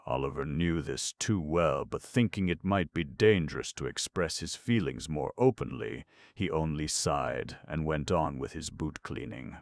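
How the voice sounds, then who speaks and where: Deep male audiobook narrator, gravelly, lively intonation, dry close sound. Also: dry recording. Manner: measured storytelling. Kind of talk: scripted narration.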